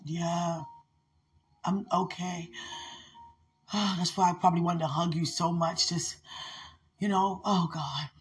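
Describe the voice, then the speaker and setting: A woman with a husky, breathy voice leading an emotional live prayer session. She speaks slowly and deliberately. She is tearful and sighs often, and she calls her listener sweetheart. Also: on the low side, steady tone. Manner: tearful, sighing, laughing through prayer. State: crying.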